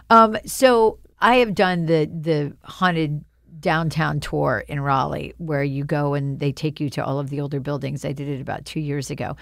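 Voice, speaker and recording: A woman hosts a casual podcast chat, reacting with curiosity and asking her guest to tell the stories. Her voice is low and gravelly. It is recorded dry and close. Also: fairly even intonation, moderate pace, no room sound. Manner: curious, reactive, prompting questions. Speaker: podcast host.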